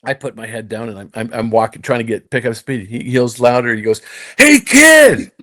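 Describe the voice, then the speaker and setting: A middle-aged man, a former pro golfer, telling a tour story to his host, swinging between hushed and emphatic delivery. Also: medium pitch, level tone, a little fast. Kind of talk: casual storytelling in conversation.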